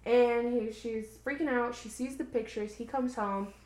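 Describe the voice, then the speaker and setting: A woman's voice: on the high side, steady tone, normal speed, a little mellow, roomy sound. A woman co-hosting a podcast, casually recapping a book in a chatty, rambling way with lots of "like.". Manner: chatty, rambling, heavy use of "like". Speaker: podcast co-host.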